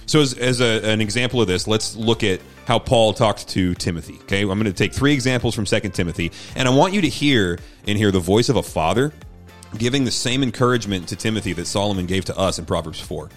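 A man's voice: lowish voice, fast talker, soft background music. A man who is a pastor, talking casually and earnestly on a teaching podcast, encouraging listeners with lots of conversational fillers.

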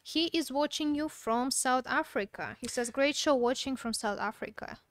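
High, clear-voiced woman with a foreign accent. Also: normal speed, no echo. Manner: hesitant, reads comments aloud. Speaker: co-host reading viewer comments. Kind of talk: casual live-stream chat.

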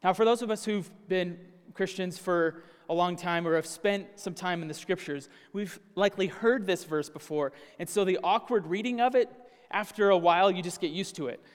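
Male pastor, earnest teaching sermon, a touch high-pitched, long reverb from a church hall. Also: moderate pace. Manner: earnest, teaching, asks the congregation questions. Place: church sanctuary.

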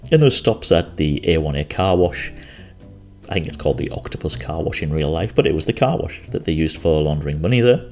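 A man's voice: rumbling low, animated, brisk, faint music behind. A man casually recounting a trip in a rambling, chatty way, often correcting himself. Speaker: travel storyteller. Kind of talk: casual travel recollection.

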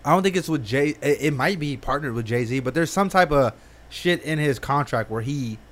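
A man's voice: medium pitch, animated, moderate pace. A young man rambling through a casual conversation, dropping slang and filler words constantly. His voice sits in an ordinary middle range. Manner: slangy, rambling, says "like" and "bro" a lot. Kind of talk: casual chat.

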